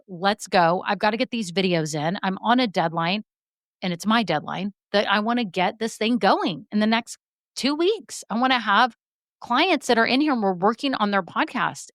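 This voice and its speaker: Energetic woman podcaster. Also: medium pitch, no room sound, studio quality. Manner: energetic, emphatic, repeats key points. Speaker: podcast host and business coach. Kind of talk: solo motivational podcast talk.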